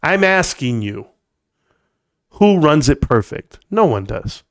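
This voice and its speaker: With a fairly high pitch, a slow pace and long pauses, a man in his forties hosts a live stream. His delivery is casual and animated as he rants sarcastically and swears freely.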